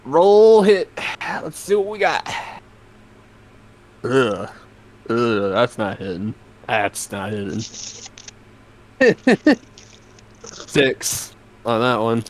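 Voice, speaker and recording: Young man, casual player, drawling slow speech, relaxed and joking. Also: medium pitch. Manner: laid-back, swearing, chuckling. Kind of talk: casual chat.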